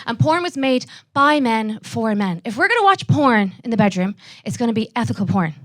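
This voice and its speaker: A young Irish woman doing a live stand-up set, brash and profane, throwing quick asides to the audience. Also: a little high, animated. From Ireland. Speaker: stand-up comedian.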